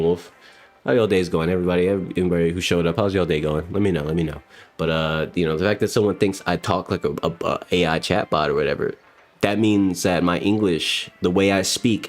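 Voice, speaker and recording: Man, very deep voice, game streamer, loose profane rambling, quiet music underneath. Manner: rambling, profane, talks to chat. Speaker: livestream gamer host. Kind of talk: casual stream chat.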